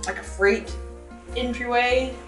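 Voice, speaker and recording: A woman playing a tabletop game, lively and chatty with lots of fillers, in an echoey room. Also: on the high side, slow pace. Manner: lively, laughing, many fillers. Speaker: player. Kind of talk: casual tabletop play. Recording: echoey room, faint music.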